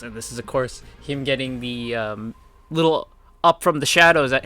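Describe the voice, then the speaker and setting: A young man casually recapping comic chapters as a reviewer, animated and full of fillers, swinging his pitch as he acts out what characters say. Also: normal speed, soft background music. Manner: animated retelling with frequent fillers, acting out quotes in different pitches. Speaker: manhwa reviewer.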